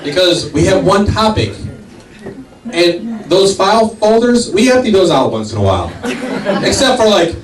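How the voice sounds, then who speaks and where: A man doing stand-up comedy on a club stage, animated and acting out family dialogue. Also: high voice, moderate pace. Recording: echoey club, from far off. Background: loud audience laughter.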